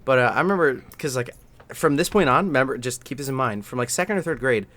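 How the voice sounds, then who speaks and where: A man's voice: mid-range voice, expressive, fast, fairly bright tone. A young man hosting a podcast on a voice call, telling a story in a profane, laughing way. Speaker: podcast host. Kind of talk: casual chat on a call.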